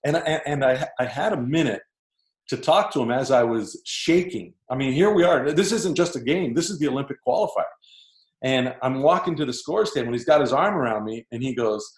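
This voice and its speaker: Speaking at a normal speed with an expressive, medium-pitched voice, this former Canadian basketball player spins casual stories as a guest and imitates his coaches' lines. The recording has a roomy echo.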